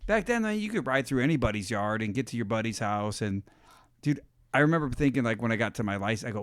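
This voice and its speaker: A man's voice: medium pitch, lively intonation, fast, clear, resonant tone, no room sound. Rambling casual man, dry close mic. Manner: loose, rambling storytelling full of "like" and "dude". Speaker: podcast co-host. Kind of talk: casual chat.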